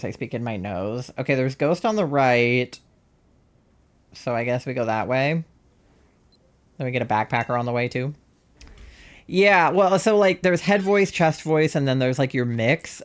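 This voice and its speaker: A young transmasc streamer in their twenties, chatting casually while gaming, rambling with lots of "like" and self-deprecating asides. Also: male voice, mid-range voice.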